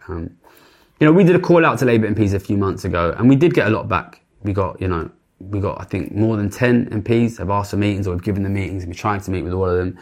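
A man's voice: on the low side, darkish tone. A British man speaking directly to camera in an earnest, urgent appeal, with frequent restarts and repeated phrases. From Britain. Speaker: commentator addressing politicians.

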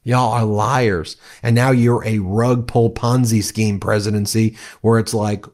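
A man's voice: lowish voice, steady tone, normal speed, few pauses, darkish tone. A man giving heated political commentary, angry and scornful, ranting at his opponents.

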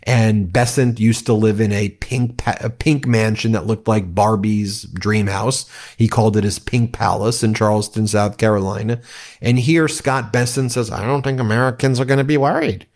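A man delivering fiery political commentary in a fairly low voice. His tone is scornful and angry, and he rattles off complaints in a ranting rhythm. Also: fairly even intonation, moderate pace, darkish tone.

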